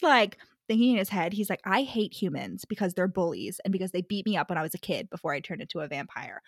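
A woman's voice: mid-range voice, no echo, clean studio sound. A young woman co-hosting a podcast, retelling a novel in casual chat, full of "like" fillers and acted-out quotes. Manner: animated retelling with many "like" fillers. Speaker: podcast co-host. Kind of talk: casual book-club chat.

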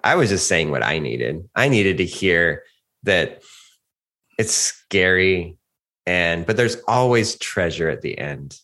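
A man in his forties rambles through a casual podcast chat in a somewhat low voice. He is reflective and laughs often, restarting his sentences as he goes. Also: big pitch swings, takes it slowly, sharp tone. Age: 40s. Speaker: podcast co-host.

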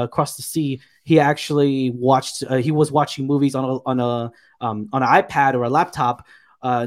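A man co-hosting a casual TV review chat, retelling scenes in a rambling, filler-heavy, enthusiastic way. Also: on the high side. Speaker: podcast co-host reviewing a TV episode.

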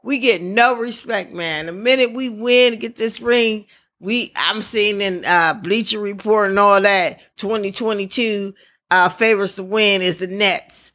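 A podcast host from the Midwest, chatting casually in an excitable, rambling, celebratory way. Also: mid-range voice, measured pace.

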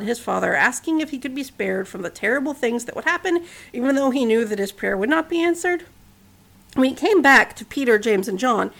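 Woman, podcast storyteller, casual narration, chatty asides, gravelly voice. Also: a little high.

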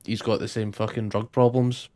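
A man's voice: on the low side, flat delivery, normal speed, mellow. A man with a Scottish accent co-hosting a casual wrestling podcast, laid-back and sweary, laughing along with his co-host.

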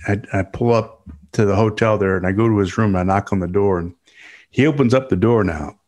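A man telling a story in casual podcast chat, easygoing and unhurried, chuckling between lines. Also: fairly low pitch, darkish tone. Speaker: podcast co-host, former tight end.

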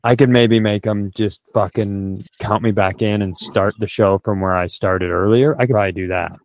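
A man's voice: fairly low pitch, steady tone, moderate pace, darkish tone, slight background noise. A man on a podcast doing improvised comedy banter, profane and full of mock threats. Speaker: podcast co-host.

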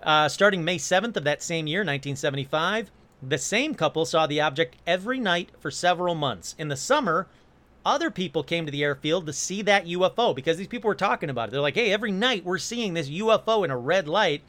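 An animated man with a high, bright voice that leaps all over its range. He tells stories casually, breaking off for jokey asides and quick apologies. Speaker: host. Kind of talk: casual storytelling monologue.

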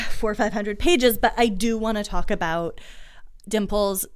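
A woman with a smooth, clear voice talks through a book she loved in a relaxed chat. She is enthusiastic and emotional, and her pitch sits in the middle of the range. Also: a little slow. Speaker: podcast co-host. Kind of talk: casual book discussion.

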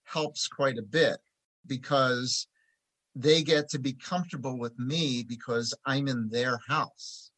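A man's voice: medium pitch, takes it slowly. Chatty storytelling man from Philadelphia. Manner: chatty anecdotal storyteller, animated when telling jokes. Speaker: tax preparer, guest. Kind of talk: conversational interview storytelling.

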